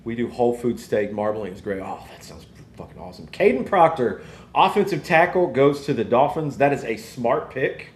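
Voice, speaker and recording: A man, hosting a casual live podcast and rambling in an animated way. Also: mid-range voice, moderate pace, echoey room. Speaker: podcast host. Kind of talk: casual live-stream chat.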